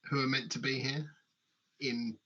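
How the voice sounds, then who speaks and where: A man's voice: medium pitch, level tone, normal speed, bright, forceful tone, highs cut off. A man co-hosting a casual live gamebook play-through, agreeable and easygoing and often restarting his sentences. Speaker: co-host playing the gamebook.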